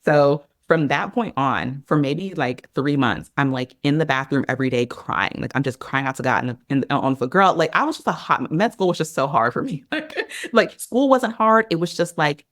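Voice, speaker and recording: Podcast guest, woman, animated storyteller with a casual, chatty delivery, recorded close and dry. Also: extremely low pitch, fairly quick, hardly any pauses, no echo. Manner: animated, chatty, heavy use of "like" and "girl".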